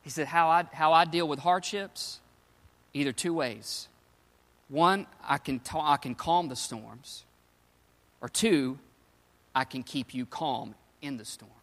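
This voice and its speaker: Bright-voiced preacher in a reverberant hall. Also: male voice, on the high side, takes it slowly, long pauses. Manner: casual storytelling, slangy paraphrase of scripture. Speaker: pastor. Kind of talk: sermon.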